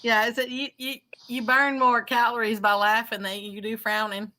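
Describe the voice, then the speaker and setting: A woman's voice: fairly high pitch, flat delivery, normal speed, pushed and bright. A woman joining a live stream remotely, chatting casually and laughing hard. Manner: laughing hard, breathless giggles. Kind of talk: casual chat.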